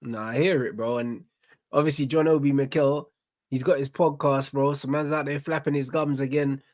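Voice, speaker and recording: Animated man, podcast co-host, slangy football chat, dry close sound. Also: medium pitch, normal speed, dry recording. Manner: animated, slangy, laughs often. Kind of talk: casual banter.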